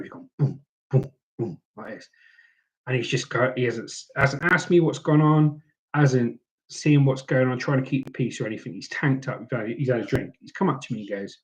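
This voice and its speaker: A man's voice: mid-range voice, low-quality recording. British man telling a story. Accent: British English. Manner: animated, acts out other people's lines. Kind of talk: casual storytelling to camera.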